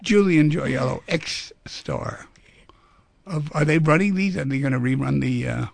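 Male radio call-in host, playful storyteller; husky, dry studio sound. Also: fairly high pitch, a little slow, no echo. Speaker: radio talk show host.

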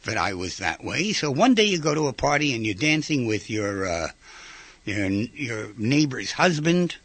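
This talk-giver keeps things conversational, peppering his audience with rhetorical questions and slipping into short impressions of the people he quotes. His voice sits a little high, with a somewhat bright, slightly rough quality, and there's no echo at all.

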